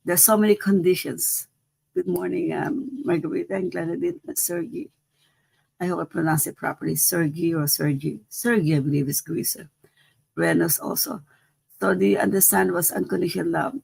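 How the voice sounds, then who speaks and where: Very gravelly, husky woman teacher. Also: on the low side, moderate pace, a little mellow, no echo, low-quality recording. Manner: conversational, repeats phrases, asks "right?". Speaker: spiritual teacher. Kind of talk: live-streamed teaching talk.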